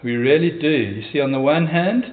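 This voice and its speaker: A man's voice: a little high, lively intonation, moderate pace, phone-quality sound. A man preaching a sermon in a church as pastor, in an earnest, conversational manner with hesitations.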